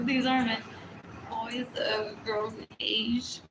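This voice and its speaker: Woman, rambling live stream, higher voice, roomy echo, loud birds. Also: slow pace, background noise. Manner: rambling, repeats phrases over and over. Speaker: livestreamer.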